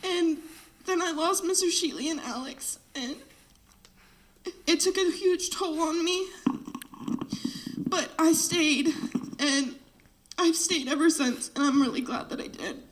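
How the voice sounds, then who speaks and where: Senior girl, late teens, high voice, choked up, heartfelt farewell speech. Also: slow, pauses often, low-quality recording. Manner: tearful, heartfelt, breaks off to apologize. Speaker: graduating senior flute player. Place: band room.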